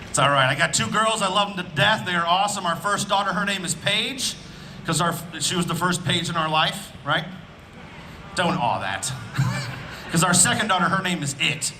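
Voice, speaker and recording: A man from Indiana performing a loud, animated stand-up comedy set on an outdoor festival stage, speaking into a handheld mic. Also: high voice, moderate pace, slight background noise, poor audio. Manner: loud, animated, punching up lines with shouts.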